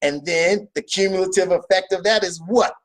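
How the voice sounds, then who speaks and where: Here a man gives a motivational talk in a high-pitched voice at a moderate pace. He preaches emphatically, says his points more than once, and asks questions only to answer them himself.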